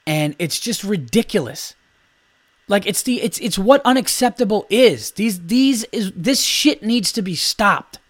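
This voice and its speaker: A man's voice: high-pitched, lively intonation, measured pace, dry recording. A man hosting a podcast, a father of a young child, ranting in a heated, sarcastic way and swearing constantly, sometimes slipping into a mock-polite voice. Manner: mock-polite voice for imagined replies. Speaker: podcast host. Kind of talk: profane comedic rant.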